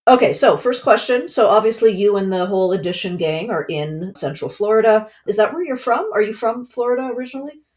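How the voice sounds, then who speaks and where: A woman's voice: mid-range voice, lively intonation, a little fast, few pauses, darkish tone. A woman hosting an interview show, chatty and upbeat in casual conversation. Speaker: host.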